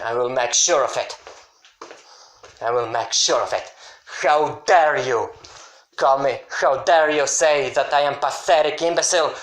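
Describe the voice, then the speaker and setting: A man delivering an angry, repetitive, scolding rant at a critic, sometimes breaking into shouts. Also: mid-range voice. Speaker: YouTuber answering a critic. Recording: echoey room.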